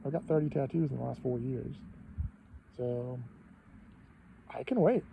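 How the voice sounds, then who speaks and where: A man's voice: medium pitch, a little slow, creaky, slight background noise. A man in his fifties giving a profane, rambling monologue full of rhetorical questions. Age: 50s. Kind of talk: casual ranting monologue. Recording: dull lo-fi sound.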